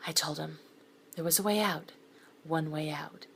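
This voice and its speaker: A middle-aged woman with a notably deep voice reads a first-person thriller. Her delivery is dry and sardonic, with quiet whispered stretches. A faint hiss sits under the voice. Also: measured pace, gravelly. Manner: wry, sardonic asides, sometimes dropping to a whisper. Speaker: narrator of a thriller web series. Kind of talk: scripted first-person narration.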